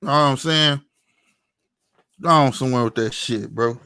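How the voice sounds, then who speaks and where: A man's voice: medium pitch, normal speed, creaky, bright, forceful tone, smooth, dry recording, clean studio sound. A man giving a heated commentary rant, angry and profane, often tossing in "you know what I'm saying". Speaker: online commentator.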